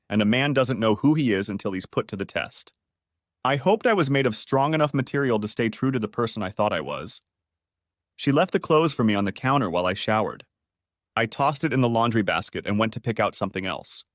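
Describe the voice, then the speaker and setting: Male audiobook narrator, bitter and dramatic, lively intonation, dry close sound. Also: mid-range voice, no room sound. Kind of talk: first-person audiobook narration.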